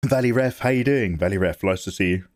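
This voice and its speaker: A man's voice: lowish voice, fast. A tired man chatting casually on a livestream, joking with viewers and reading their names aloud. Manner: joking, animated, reads out viewer names and replies to chat. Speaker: art livestreamer.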